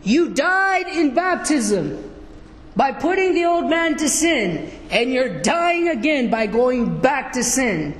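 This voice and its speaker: Slow, high-voiced preacher in an echoey hall. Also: male voice. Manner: slow, questioning the congregation. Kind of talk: sermon.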